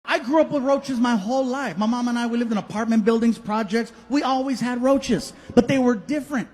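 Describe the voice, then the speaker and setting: A man's stand-up comedy comes out through an AI baby voice filter, so he sounds sky-high and childlike. He tells his stories with animated energy and shouts the punchlines. The live recording carries a steady layer of noise. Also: brisk.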